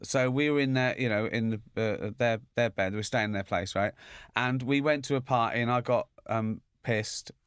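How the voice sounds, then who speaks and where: A man's voice: medium pitch, moderate pace, hardly any pauses, fairly bright tone, clear, resonant tone, dry recording, clean studio sound. A man hosting a comedy chat show, telling rambling stories full of swearing, restarts and laughter. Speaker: podcast host.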